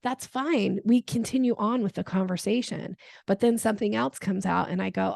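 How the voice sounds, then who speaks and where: A woman sales coach talking as a podcast guest, explaining in an animated way and acting out little bits of dialogue. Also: mid-range voice, brisk, vocal fry, no room sound. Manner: animated, acts out quoted dialogue with frequent laughs. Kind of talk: conversational interview.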